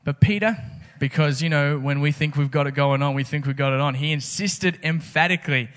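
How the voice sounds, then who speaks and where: A man's voice: a little high, a little fast, few pauses, fairly bright tone. A man preaching a casual, conversational sermon, full of rhetorical questions. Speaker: pastor.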